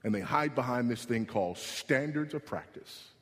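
A man preaching a sermon as pastor, emphatic, repeating his key points and rising in pitch when he presses them. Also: expressive, normal speed. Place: church sanctuary. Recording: long hall reverb.

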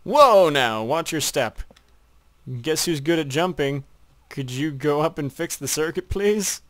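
A man's voice: fairly high pitch, lively intonation, unhurried, a bit bright. A man playing a co-op game with friends, teasing them, swearing and mock-narrating the action. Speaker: gamer playing a co-op map. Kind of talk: casual gaming commentary.

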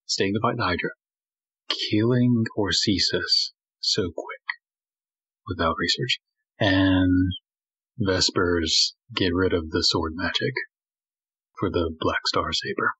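A man's voice: deep voice, slow pace, pauses often, sharp tone, husky. A man, a cast member of a tabletop show, chatting in a laughing, self-deprecating way. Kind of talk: casual chat. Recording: dull lo-fi sound.

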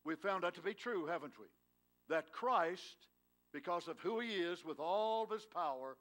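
Folksy preaching man, fairly high voice. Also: lively intonation, normal speed, fairly bright tone. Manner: folksy storytelling preaching, rises with emphasis. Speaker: pastor. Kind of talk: sermon. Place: church sanctuary.

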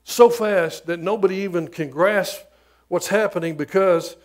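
A middle-aged man preaching a sermon as pastor, emphatic, moving between loud declarations and quiet asides. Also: high voice, normal speed.

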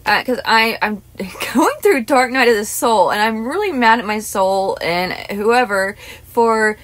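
A woman's voice: a little high, unhurried, a bit bright. A woman hypnotist telling a personal story in a casual, rambling and emotional way, with many restarts and asides. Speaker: hypnotist and channel host.

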